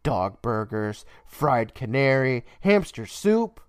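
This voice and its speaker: A man voicing an excited boy who insists his story is true. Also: medium pitch, slow, clear, resonant tone, dry recording, clean studio sound. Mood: insistent. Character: excited boy insisting on a pet-eating neighbor.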